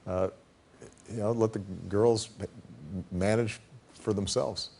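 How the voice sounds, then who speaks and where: Guest man, 50s, low-ish voice, unhurried and dry, lots of ums and restarts. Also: fairly even intonation, noisy background. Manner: measured and wry, pausing often with ums and restarts. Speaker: talk show guest. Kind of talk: casual chat. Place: TV studio.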